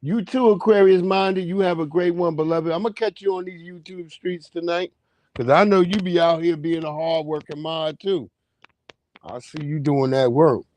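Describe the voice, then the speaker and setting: A man's voice: on the high side, steady tone, darkish tone, no echo. Man telling profane stories, dry sound. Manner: profane, rambling, drawn-out storytelling. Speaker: livestream host. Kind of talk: casual storytelling monologue.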